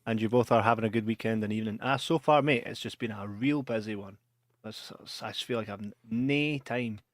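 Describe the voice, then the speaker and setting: A man's voice: lowish voice, fairly quick, dry recording, studio quality. A Scottish man co-hosting a podcast in casual chat, rambling through stories and laughing a lot. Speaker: podcast co-host.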